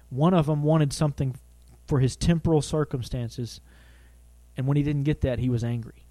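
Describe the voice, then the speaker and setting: Male pastor, slightly high voice, dry close mic; animated sermon delivery with questions to the congregation. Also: no room sound. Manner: animated, asks the audience questions, acts out quoted voices.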